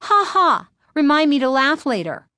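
A woman's voice: mid-range voice, sing-song, normal speed, dry recording, studio quality, voice pushed up, close to an everyday voice. Woman doing a smug, sarcastic girl. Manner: sarcastic, self-assured. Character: cocky young girl ventriloquist, sarcastic.

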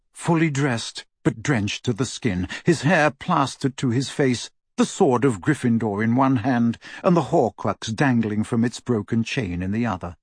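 A man's voice: mid-range voice, breathy edge, no echo, studio quality. A man narrating an audiobook with dramatic, varied storytelling. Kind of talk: scripted narration.

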